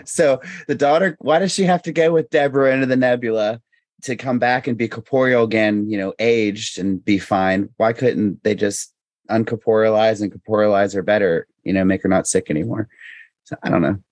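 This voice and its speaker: Man on a podcast, earnest, full of questions, low voice, dry sound. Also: steady tone, a little fast, no room sound. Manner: earnest, questioning, restarts often. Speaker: podcast guest. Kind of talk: casual podcast chat.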